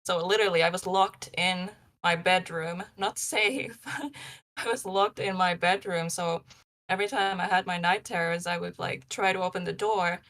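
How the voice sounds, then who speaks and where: A woman's voice: fairly low pitch, steady tone, moderate pace, fairly bright tone. A young woman, a paranormal investigator guest, telling her story in casual live-show talk, rambling with many likes and ums.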